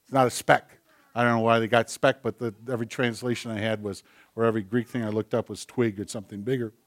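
A male pastor preaching a sermon, moving between loud, emphatic repetition and soft, intimate storytelling. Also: medium pitch, little pitch movement, quick pace, no room sound. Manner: conversational, tells anecdotes with acted-out quotes.

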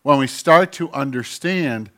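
During a sermon, a male pastor with a mid-range, unhurried voice reads scripture aloud. His reading alternates loud emphatic peaks with soft asides, and he often clears his throat and fixes his own wording.

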